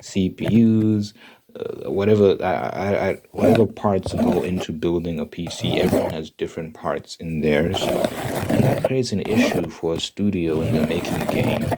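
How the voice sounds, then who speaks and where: A man with a very low voice, doing whispered role-play. He rambles and jokes, slipping between breathy whispers and soft talk. A loud steady noise sits under his voice. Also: moderate pace. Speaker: ASMR creator.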